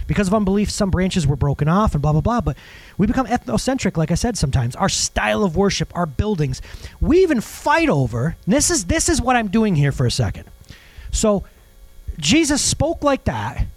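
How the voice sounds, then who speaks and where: Animated high-voiced man preaching. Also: brisk, no room sound, rough recording. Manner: animated, rhetorical questions, jokey asides. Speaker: pastor. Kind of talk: sermon.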